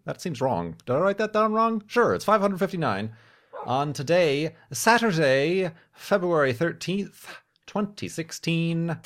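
Playful, animated male gameplay host. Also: medium pitch. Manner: chatty and playful, with jokey mock-formal asides. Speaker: game series host. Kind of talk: casual gameplay commentary.

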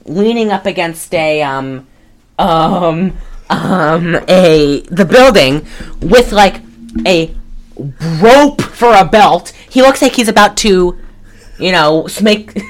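A woman's voice: fairly low pitch, expressive, slow. A woman co-hosting a podcast, recapping a movie in casual chat, rambling and giggling with lots of fillers. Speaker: podcast co-host.

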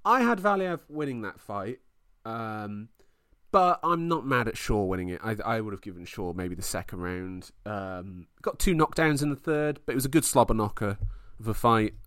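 Excitable, swearing man on a podcast. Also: on the low side, normal speed, smooth, no room sound, clean studio sound. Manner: excitable, swears freely, laughs often. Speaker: podcast co-host. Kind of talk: casual podcast chat about fights.

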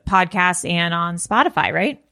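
Bright-voiced woman podcast co-host. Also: fairly low pitch, expressive, vocal fry, dry recording, clean studio sound. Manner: chatty, quick reactions. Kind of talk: casual podcast chat.

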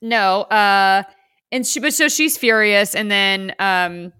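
A woman co-hosting a podcast, chatting casually about a movie, animated and giggly, acting out lines. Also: medium pitch, slow pace, clear, resonant tone, dry recording, clean studio sound. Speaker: podcast co-host. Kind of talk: casual chat recapping a movie.

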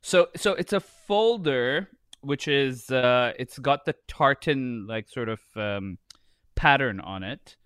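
A man's voice: mid-range voice, lively intonation, takes it slowly, a bit bright, clear, resonant tone, dry recording, clean studio sound. A man co-hosting a podcast, chatting casually, rambling and swearing, often laughing. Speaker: podcast co-host.

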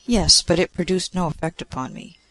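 A man plays a mortal king hopelessly in love, earnest and pleading in his address. The tone is slightly high with a gravelly rasp. It is a storybook reading. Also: fairly quick, a bit bright, poor audio.

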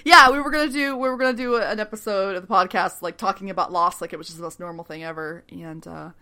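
A woman's voice: mid-range voice, fast, sharp tone. A woman co-hosting a podcast in casual chat, rambling, swearing and laughing often. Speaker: podcast co-host.

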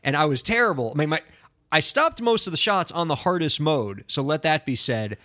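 A man's voice: a little high, animated, fairly quick, pushed and bright. A man co-hosting a podcast in casual chat, easygoing and laughing readily at his own mishaps. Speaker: podcast co-host.

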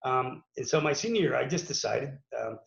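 This Pittsburgh man, an ex-wrestler, speaks briskly and animatedly in a medium-pitched voice with vocal fry. He shares his story casually, rambling with lots of fillers and restarts, and the sound is lo-fi, dull, and echoey.

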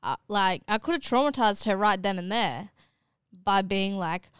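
A woman's voice: medium pitch, expressive, moderate pace, clear, resonant tone, dry recording, studio quality. A young woman co-hosting a family podcast, candid and blunt, swearing and laughing at herself. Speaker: podcast co-host and daughter. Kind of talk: casual family podcast chat.

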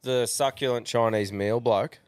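A man's voice: medium pitch, fairly even intonation, normal speed, darkish tone, clear, resonant tone, no echo. A young Australian man co-hosting a podcast in easygoing casual chat. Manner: easygoing, laughs along. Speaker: podcast co-host.

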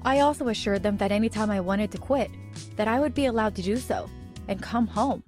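A woman's voice: mid-range voice, fairly quick, a little mellow, soft background music. A young woman narrating a first-person story in a chatty, dramatic way. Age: young adult.

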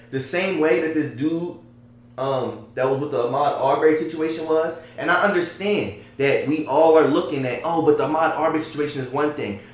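Animated man in an echoey room. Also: on the high side. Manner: animated, conversational, often asks "you get what I'm saying?". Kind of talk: casual debate chat.

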